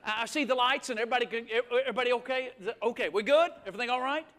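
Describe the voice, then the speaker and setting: Preacher, middle-aged man, very high bright voice, emphatic storytelling sermon style. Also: racing. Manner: storytelling, emphatic, call-and-response. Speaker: guest preacher. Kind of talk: live sermon. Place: church sanctuary.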